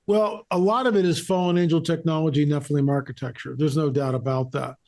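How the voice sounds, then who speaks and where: A man's voice: on the high side, steady tone, brisk, darkish tone. A man being interviewed as a researcher and author, talking emphatically and repeating phrases for stress. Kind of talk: interview conversation.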